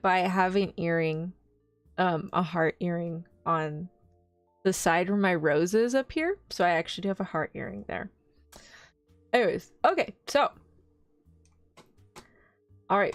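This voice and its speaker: Young woman VTuber, giggly rambling chat, mid pitch, dry close mic, soft background music. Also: no room sound. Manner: bubbly, rambling, giggly, reads chat aloud. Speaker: VTuber streamer. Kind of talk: casual live-stream chat.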